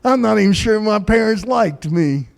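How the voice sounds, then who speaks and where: A man's voice: sits high, lively intonation, moderate pace, gravelly. A middle-aged man doing profane stand-up in a comedy club, ranting and telling stories on a stage mic.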